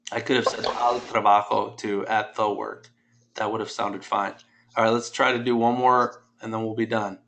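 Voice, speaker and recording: A man's voice: medium pitch, a bit bright. A man teaching a Spanish class, patiently explaining grammar step by step and quizzing his students.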